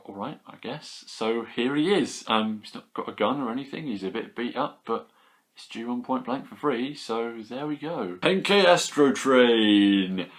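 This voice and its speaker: A young British man chatting casually about his toy haul, enthusiastic and rambling, with quick asides. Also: mid-range voice. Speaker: toy collector vlogger. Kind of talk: casual chat.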